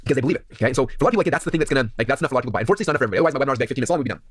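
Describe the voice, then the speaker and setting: A man giving a seminar presentation as a sales speaker, energetic and constantly checking in with his audience. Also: medium pitch, very fast, no room sound, clean studio sound.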